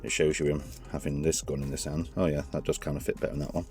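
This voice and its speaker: A man's voice: rumbling low, level tone, fast, darkish tone, faint music behind. A man casually reviewing toys hands-on, chatty and rambling, often correcting himself mid-sentence. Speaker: toy reviewer.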